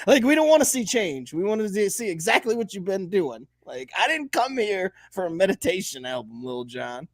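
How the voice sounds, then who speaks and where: Animated man ranting in casual chat. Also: high voice, moderate pace, dry recording. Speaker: podcast co-host.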